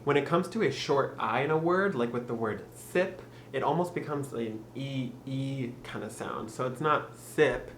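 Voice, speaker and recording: An upbeat young man talks through a casual tutorial, slowing down to drill each phrase. His voice is mid-pitched and rings in an echoey room with a faint hiss behind it. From Michigan. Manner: upbeat, laughs often, slows for drilled phrases. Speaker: YouTube tutor.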